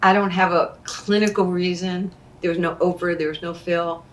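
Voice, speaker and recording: A woman, telling animated stories and acting out what people said. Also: on the low side, normal speed, distant mic. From Queens, New York. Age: 60s. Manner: animated storyteller who acts out quoted dialogue. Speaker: interview guest, former basketball player. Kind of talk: storytelling in conversation.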